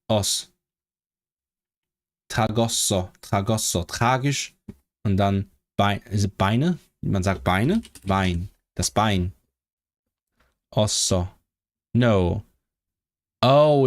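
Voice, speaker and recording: Slow-talking excitable male streamer. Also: fairly low pitch. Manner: excitable, thinking aloud, sounding out words. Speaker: language-learning streamer. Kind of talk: casual live stream chat.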